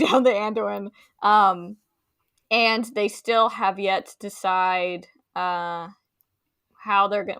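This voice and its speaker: A woman's voice: medium pitch, a bit bright, no room sound, clean studio sound. A woman co-hosting a casual book discussion podcast, chatty with many fillers and playful quoted voices. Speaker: podcast co-host.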